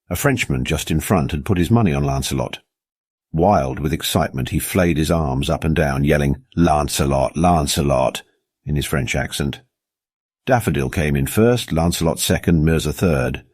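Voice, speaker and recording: A male storyteller with a very deep voice reads a short story in a measured, expressive way. His pitch moves lively through the lines. The recording is close and dry. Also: slightly rough, no echo. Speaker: narrator. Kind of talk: storybook narration.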